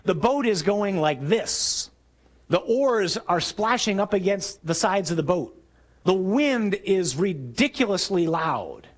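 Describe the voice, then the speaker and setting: A man delivering a sermon in a slightly raised voice. He tells stories with animated energy, acting out voices and shouting out the dramatic moments, then sinks low and soft to press a point home. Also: takes it slowly. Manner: storytelling, acts out scenes with raised shouting voice. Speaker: preacher.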